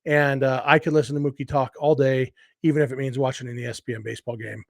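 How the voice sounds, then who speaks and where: A man's voice: medium pitch, level tone, quick pace, no room sound, clean studio sound. A man hosting a casual solo sports podcast, talking enthusiastically in a rambling way with restarts and asides. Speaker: podcast host.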